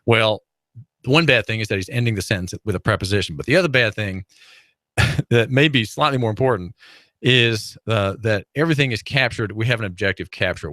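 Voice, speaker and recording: A man's voice: mid-range voice, bright, forceful tone, dry recording. A man hosting a talk radio show, rambling through a monologue with many fillers, restarts and wry chuckles. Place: radio studio.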